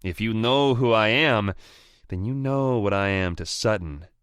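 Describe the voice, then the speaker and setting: A man doing a jeering rival on a phone call, pitched up from the narrator's deep, unhurried voice, loud and mocking, cackling in desperation. The read is dry and close, with no room sound. It is an audiobook figure that sneers through every line. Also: clean tone, dry recording. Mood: taunting.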